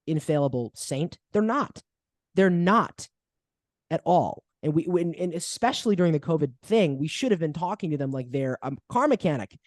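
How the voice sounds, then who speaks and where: Heated, animated male podcast host. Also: no room sound, studio quality. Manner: heated, mocking, swings from loud outbursts to low asides. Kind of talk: animated storytelling chat.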